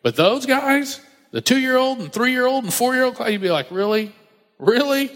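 A man preaching a casual sermon, telling the story with animated asides and acted-out voices. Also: extremely high pitch, normal speed. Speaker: pastor. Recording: long hall reverb.

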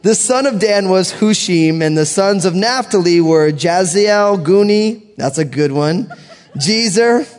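A man's voice: high-pitched, animated, a little slow, darkish tone. An American man teaching verse by verse from the Bible, reading long name lists and joking casually between passages. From United States. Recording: long hall reverb.

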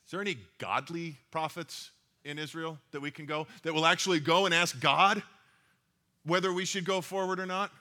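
A cautious ancient king asks his question hesitantly and carefully, as a preacher voices him. The tone is bright and forceful, and the pitch sits a little high. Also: steady tone, moderate pace. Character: cautious ancient king seeking godly counsel.

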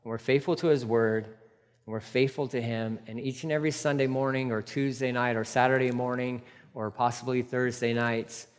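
A man's voice: medium pitch, fairly even intonation, moderate pace, clear, resonant tone. A man preaching a conversational, emphatic sermon as a church pastor, with casual asides to the congregation. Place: church sanctuary. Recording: long reverb of a church hall.

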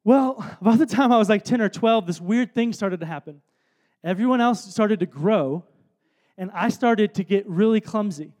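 A man in his thirties tells his story from the stage in a relaxed sermon. He talks in a rambling, self-deprecating way with plenty of fillers, and his voice sits high for a man. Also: normal speed. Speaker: speaker at a worship event.

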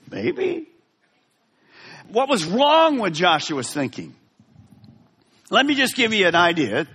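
Animated husky-voiced preacher in a hall. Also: male voice, sits high. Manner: dramatic, swings from soft to loud. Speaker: pastor. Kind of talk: sermon. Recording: long reverb of a large hall.

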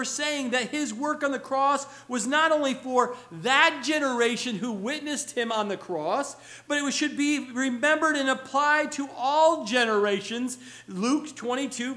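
A man's voice: very high-pitched, a little slow, few pauses, sharp tone. A man preaching a sermon as pastor, earnest and building to emphatic exhortation, now and then mimicking children's questions. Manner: acts out children's whiny questions.

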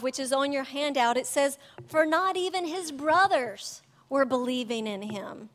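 Chatty high-voiced woman teaching in a church hall. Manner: chatty, animated, laughs often. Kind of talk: sermon. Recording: long church reverb.

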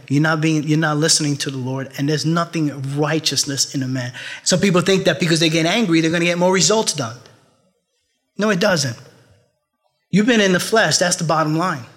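Bright-voiced man preaching a sermon. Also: on the high side. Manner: emphatic preaching with repetition and asides; laughs at his own jokes. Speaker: pastor.

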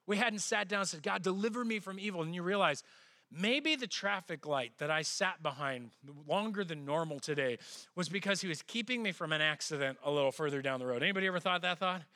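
A middle-aged man preaching a sermon as pastor, conversational and personal, acting out quoted voices with sudden jumps in pitch. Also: lively intonation, fairly quick, bright, forceful tone.

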